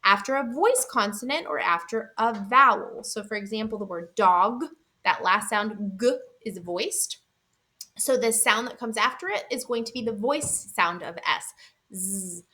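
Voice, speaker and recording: A woman who trains teachers in literacy, explaining a spelling rule step by step and slowly sounding out each speech sound. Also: medium pitch, bright, forceful tone. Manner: clear, patient, checks in with "right?". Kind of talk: instructional slideshow lesson.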